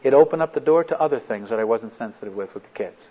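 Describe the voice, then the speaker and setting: A middle-aged man speaks to a group in a plain, mid-pitched voice, earnest and a little halting, retelling conversations line by line. The recording is dull and lo-fi. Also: expressive, husky. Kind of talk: personal story in a talk.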